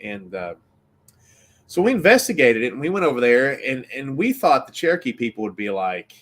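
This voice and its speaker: A man from Baltimore tells a story in a casual interview, rambling and animated, looping back and restarting as he goes. His voice sits at an ordinary middle pitch for a man. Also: a little fast. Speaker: filmmaker and actor.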